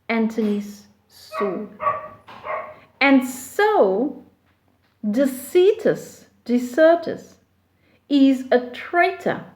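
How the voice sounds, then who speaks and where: A woman explains a play slowly, with many fillers and restarts. Her voice sits high. The recording has a roomy echo. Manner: slow, deliberate, with frequent fillers and restarts. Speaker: literature teacher.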